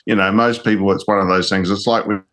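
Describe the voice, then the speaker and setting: A man from New Zealand with a New Zealand accent, a guest in a casual chat, talking in a friendly, halting way with many restarts. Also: lowish voice, steady tone, a bit bright.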